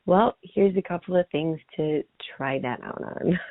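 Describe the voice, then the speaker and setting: A woman's voice: fairly low pitch, animated, slow, no echo. A woman guest talking casually and reflectively, thinking aloud and often saying "like". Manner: rambling, reflective, many "like" fillers. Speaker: podcast guest. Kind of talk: casual chat. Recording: tinny phone-like line.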